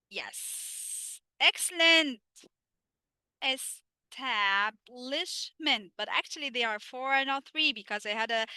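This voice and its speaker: Her voice is high-pitched, sharp, clear and resonant, recorded with no echo. She's a native Arabic speaker with an Egyptian accent leading a live English lesson online, answering her own questions, slow in English and fast in her Arabic asides.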